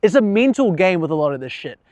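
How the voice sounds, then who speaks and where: A man's voice: high-pitched, sing-song, fast talker, a little mellow, no room sound. A young man talking candidly about himself in a casual, profane vlog monologue, laughing at himself now and then. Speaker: vlogger.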